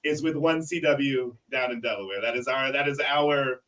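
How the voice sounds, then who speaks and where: A man's voice: mid-range voice, moderate pace, a bit bright, distant mic, lo-fi sound. A man, a wrestler in a tag team, chatting casually and telling stories at length. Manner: talkative storyteller. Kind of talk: casual interview chat.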